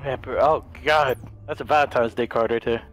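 A man playing a fighting game as a guest, joking and yelling playfully. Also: medium pitch, fairly even intonation, normal speed, soft background music. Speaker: guest gamer. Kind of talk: excited gaming banter.

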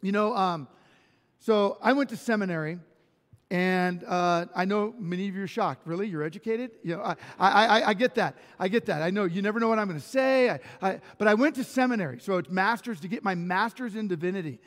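A man's voice: high voice, a little fast, fairly bright tone, long reverb tail. A man pastor delivering a sermon, telling personal stories animatedly with self-deprecating humor and frequent restarts. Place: church sanctuary.

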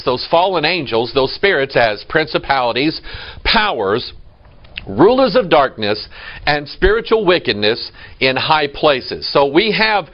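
A man's voice: a little high, dull audio. A man preaching a sermon in a church, emphatic and quoting scripture. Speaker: pastor.

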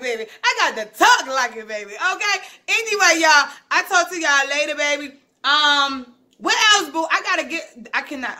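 A woman vlogger giving an energetic motivational talk, swearing freely, laughing often and calling listeners baby and boo. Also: sits high.

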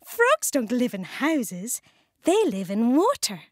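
A woman's voice: on the high side, wildly swooping pitch, takes it slowly, no echo, clean studio sound, voice pushed up, full character voice. Woman doing a cheery, giggly little girl. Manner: cheery, giggly, matter-of-fact. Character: bright, bossy-but-kind little girl.

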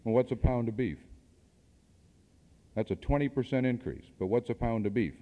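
A man's voice: mid-range voice, moderate pace, dark tone. A man giving a seminar talk to an audience, asking rhetorical questions and adding dry asides, on an old cassette recording made in a hall. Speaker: seminar speaker. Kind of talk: speech to an audience. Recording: dull archival cassette tape in a hall.

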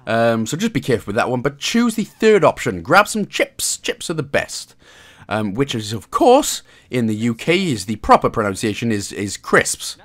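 A man from Wales narrates a step-by-step game walkthrough as a gaming guide host, his Welsh-accented voice swinging hugely in pitch. It sits in the mid range, moves at a normal speed, and sounds a little bright. Between instructions he tosses in playful, chuckling remarks.

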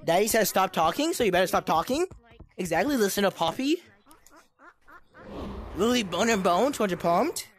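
Young woman, mid-pitch, trash-talking gamer in voice chat, taunting and repetitive. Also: lively intonation, normal speed, long pauses. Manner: taunting, repetitive mock-tough insults. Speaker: gameplay streamer.

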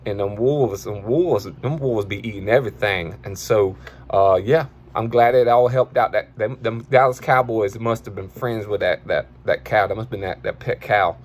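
A goofy slang-talking video commentator, put on by a man, rambling and exclaiming in a husky, low-pitched voice. His comic commentary piles up restarts and surprised asides. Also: normal speed. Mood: amused. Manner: rambling, excitable, colloquial.

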